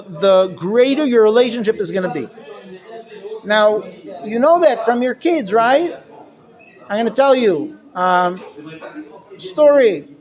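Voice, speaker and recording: A high-pitched man gives a lively Torah class as a rabbi. He talks to his listeners directly and acts out everyday scenes in quick voices, rising up whenever a story heats up. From Israel-based.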